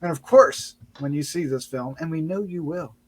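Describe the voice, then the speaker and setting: A man's voice: on the high side, moderate pace. A man hosting a casual review show, playful and chuckling, sometimes stumbling over his words. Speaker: podcast host.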